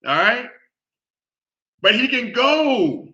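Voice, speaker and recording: Animated man hosting a sports talk show. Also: extremely high pitch, drawn-out words, muffled recording. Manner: animated, repeats himself, keeps asking "all right?".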